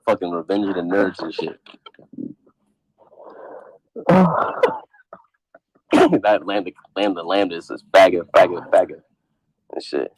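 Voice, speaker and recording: A man's voice: low voice, normal speed, pauses often, no echo, rough recording. A man hosting a casual podcast chat, talking bluntly with heavy profanity. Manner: profane, animated, blunt trash talk. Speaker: podcast host.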